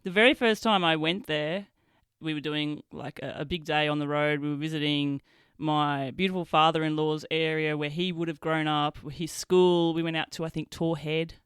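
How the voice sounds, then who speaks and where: A woman hosts a relaxed interview, trading anecdotes and laughing easily. Her voice is smooth and clear, recorded close and dry. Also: deep voice, normal speed, dry recording. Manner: warm, anecdotal, laughs often. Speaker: podcast host. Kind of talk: casual interview chat.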